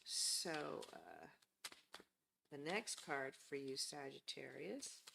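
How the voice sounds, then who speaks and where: A woman's voice: a bass voice, very animated, slow, creaky, background noise. A woman giving a casual tarot reading, talking bluntly and profanely as she speaks straight to her viewers. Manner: addresses viewers directly and warmly. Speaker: tarot reader.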